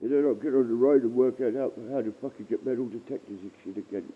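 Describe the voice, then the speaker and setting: A man's voice: mid-range voice, husky. Rambling man on a tinny stream. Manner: rambling, halting, repeats himself, swears. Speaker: live streamer. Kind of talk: casual livestream chat. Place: dark shed. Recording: tinny phone-like stream audio.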